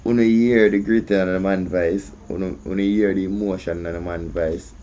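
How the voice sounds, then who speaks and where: A man's voice: deep voice, fairly even intonation, moderate pace, warm tone, slight background noise. A man with a Jamaican accent hosting casual commentary, often asking "you see me". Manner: conversational, repeats "you see me". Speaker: host. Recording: muffled lo-fi audio.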